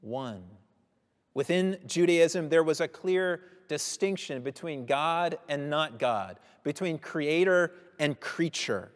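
A man preaching a sermon, teaching in measured phrases and slowing down on key words. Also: fairly high pitch, smooth, big-room sound.

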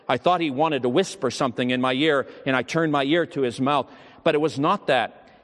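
A pastor, a man, preaching a sermon with solemn storytelling and prayer in a church hall. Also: on the high side. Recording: long hall reverb.

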